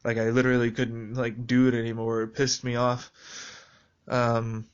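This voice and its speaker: A man talking through a reflective personal video journal in a rambling, halting way with many fillers. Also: medium pitch, monotone, clear, resonant tone, dull audio.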